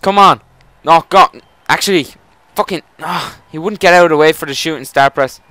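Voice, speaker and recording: A young man commentating his own wrestling video game match live, excitable and swearing, shouting at the screen. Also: fairly high pitch, normal speed, no room sound.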